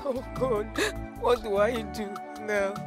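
An actress with a Nigerian accent playing a desperate young woman who pleads tearfully with her uncle and breaks into shouting. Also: extremely high pitch, normal speed, over music. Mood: despairing. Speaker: desperate daughter. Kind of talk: Nollywood film drama.

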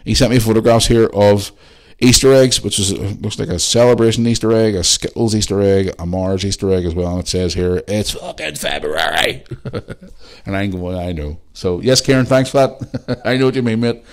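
A man's voice: fairly low pitch, brisk, a little mellow. A man hosting a casual solo podcast, chatting in a rambling way and swearing freely. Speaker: podcast host.

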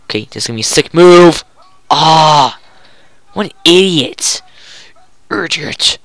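A gamer giving goofy, excitable commentary while playing a hockey video game, groaning and yelling at each play. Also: mid-range voice, measured pace, no room sound.

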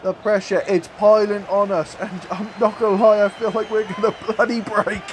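A man commentating his own football video game career, moving between calm play-by-play and loud excited outbursts. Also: sits high, moderate pace, slight background noise. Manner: swings from calm play-by-play to shouting and swearing. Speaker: gaming YouTuber.

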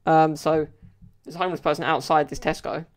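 Speaking a bit quickly with a fairly high pitch that barely moves, a young podcast host tells stories on his own show. He's chatty and rambling, leaning heavily on "like" and "you know."

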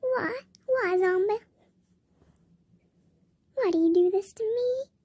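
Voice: very high-pitched, takes it slowly, dark tone, dry recording, exaggerated voice. A performer voicing a sad loser male mall cop stuck in a bunny suit, in a whiny, self-pitying, pleading game role-play story voice, often near tears. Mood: mopey, weepy.

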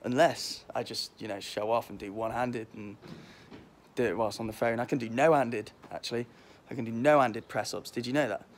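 A man's voice: mid-range voice, steady tone, a little fast. Cheeky young guy with mild scouse twang. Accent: mild Liverpool. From Liverpool, England. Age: 20s. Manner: cheeky, rambling, self-mocking. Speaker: vlog host. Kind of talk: casual joking vlog. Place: outdoors in a windy back garden. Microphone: phone held while walking. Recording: faint wind noise outdoors.

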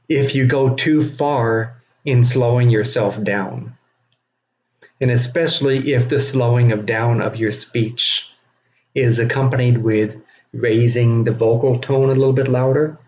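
A man giving a recorded teaching lecture, speaking slowly and deliberately with frequent fillers. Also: mid-range voice, a little mellow. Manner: slow, deliberate, self-aware delivery with frequent fillers. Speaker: instructor. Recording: dull lo-fi recording with faint noise.

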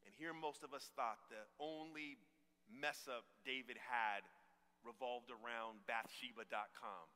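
A man's voice: medium pitch, steady tone, measured pace, sharp tone. A man preaching a sermon as pastor, emphatic and preacherly, calling out for amens. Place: church sanctuary. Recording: long church hall reverb.

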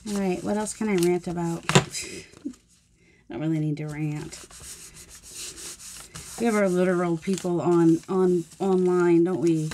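A woman's voice: lowish voice, steady tone, measured pace, pauses often, noisy background. A woman chatting in a rambling, self-deprecating way while she works on a mixed media collage. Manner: rambling, musing aloud while working. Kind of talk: chatty crafting vlog.

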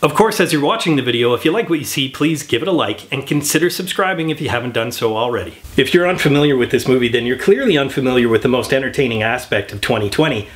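A man's voice: medium pitch, expressive, fast, hardly any pauses. A man hosting a comedic film review, talking with wry, joking asides.

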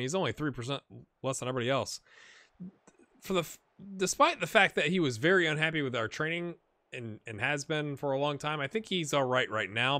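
A man giving casual, rambling commentary over a football management game, with sudden excited outbursts and a slightly rough throat. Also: mid-range voice, no room sound. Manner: rambling, excitable bursts over match play. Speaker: gaming commentator. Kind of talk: casual let's-play commentary.

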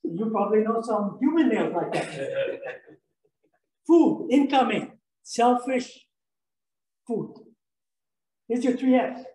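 A man's voice: high voice, big pitch swings, slow, pauses often, a little mellow. Guy lecturing a class, jokey and rambling, keeps quizzing people, lots of room echo. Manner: playful, rambling, quizzes the audience. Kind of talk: lively classroom lecture with jokes. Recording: echoey room, mic far off.

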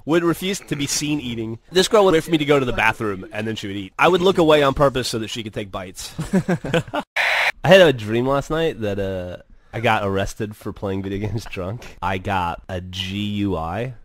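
A man's voice: lowish voice, moderate pace. Guy in his 40s telling stories, swears a lot, voice swings up n down a ton. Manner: animated, swears freely, acts out quoted voices. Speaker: podcast host telling stories. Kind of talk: casual storytelling with laughs.

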